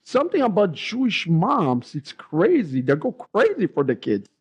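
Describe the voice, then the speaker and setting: A middle-aged man with an Israeli accent, a rabbi giving a lively personal testimony and acting out remembered dialogue. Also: high voice, moderate pace, husky. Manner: lively storyteller who acts out remembered dialogue.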